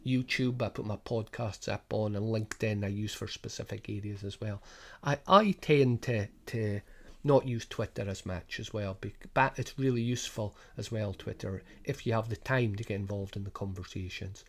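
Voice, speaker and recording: Highland Scottish man explaining a coaching programme. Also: fairly even intonation, moderate pace, fairly bright tone. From Scotland. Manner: rambling, many restarts and rhetorical questions. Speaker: sports business coach. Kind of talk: informal spoken programme overview.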